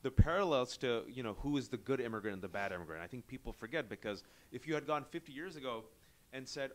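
Male interviewer, animated and wry, live bookstore chat. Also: mid-range voice. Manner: animated, joking asides, quick digressions. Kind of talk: conversational book interview. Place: bookstore event space.

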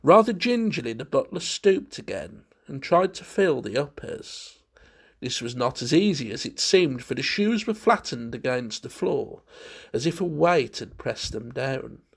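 A man reading a ghost story aloud as narrator in a measured, expressive way. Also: medium pitch, vocal fry, slightly rough.

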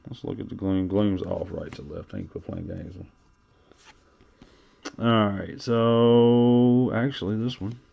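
Slow-talking joking man hosting a stream. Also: on the low side, fairly even intonation, vocal fry, dull audio. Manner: joking, teasing banter. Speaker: live card-break host. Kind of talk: casual livestream commentary.

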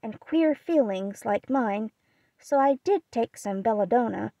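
A woman voicing a gentle, shy young girl in an audiobook reading, speaking softly and earnestly. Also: on the high side, animated, measured pace, creaky, no echo, dull audio, full character voice. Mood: sad. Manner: soft, quiet, earnest.

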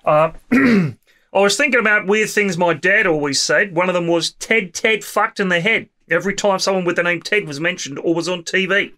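A man's voice: high-pitched, normal speed, bright, forceful tone. A podcast host putting on an Australian accent to read out a male listener's letter in a jokey way. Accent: Australian, put on. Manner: jokey, exaggerated read-aloud delivery. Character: put-on Australian male listener reading his own letter. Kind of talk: comic put-on accent in a podcast.

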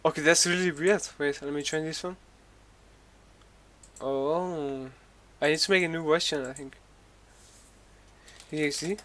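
A man streaming a game, talking to himself and his chat, exasperated, going from low muttering to sudden high yelps. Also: steady tone, unhurried, long pauses, fairly bright tone.

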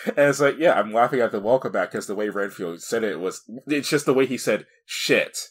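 A man's voice: lowish voice, a little fast, breathy edge. A man co-hosting a casual podcast, retelling movie scenes with frequent laughter. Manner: laughs often, animated retelling. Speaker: podcast co-host. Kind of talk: casual movie review chat.

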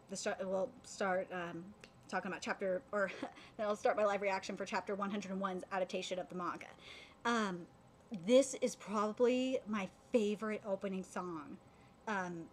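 Excitable woman gushing over anime. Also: medium pitch, slight background noise. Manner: excitable fan gushing, many fillers and restarts. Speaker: anime reaction streamer. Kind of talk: live reaction commentary.

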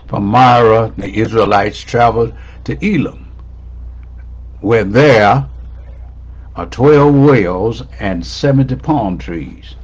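A man's voice: fairly low pitch, slow, long pauses, husky, lo-fi sound. A man preaching a sermon as pastor, repeating his key lines with rising emphasis. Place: church sanctuary.

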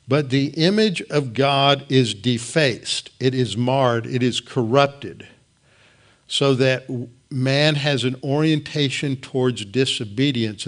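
An earnest man teaching a Bible lesson, leaning on repeated words to drive his points home. His voice sits at an ordinary middle pitch, and he often stops to restart a phrase. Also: fairly bright tone.

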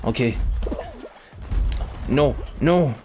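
A young man giving casual gameplay commentary, excitable and swearing when things go wrong. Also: medium pitch, drawn-out words. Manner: excitable, swears and rants loudly when losing. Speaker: gaming YouTuber. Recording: music playing behind the voice.

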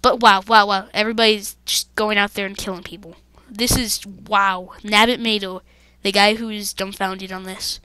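A woman's voice: medium pitch, steady tone, moderate pace, hardly any pauses, sharp tone, smooth, no room sound. A woman hosting a let's-play gaming video, commenting to her viewers with jumpy, dramatic exclamations. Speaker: gaming channel host.

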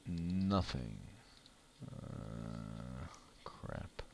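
A man's voice: very deep voice, animated, drawn-out words, creaky, a little hiss or hum. A man hosting his own gaming channel, giving casual commentary on a mobile card game and grumbling about bad luck.

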